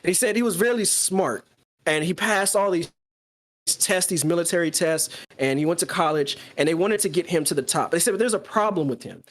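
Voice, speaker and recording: A podcast co-host talking casually, excitedly retelling a story and acting out the quoted lines. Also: male voice, sits high, a little fast. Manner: excited, acts out quoted dialogue.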